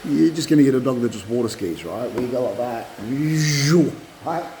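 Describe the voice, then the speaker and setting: A middle-aged man coaches dog owners in a loose, animated way, circling back over his points and slipping into little dog voices. His tone is mellow and relaxed. He is recorded on a phone propped up nearby, with a faint hiss underneath. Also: medium pitch, normal speed, low-quality recording. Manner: animated, repeats himself, acts out dog voices. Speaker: dog trainer. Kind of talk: casual instructional talk.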